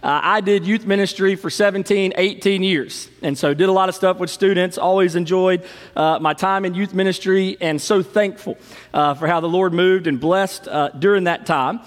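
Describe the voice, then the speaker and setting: A middle-aged man, a pastor telling stories in an animated sermon. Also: sits high, moderate pace. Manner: storytelling, animated, fond of shouting the cheer. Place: large church sanctuary. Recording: long hall reverb.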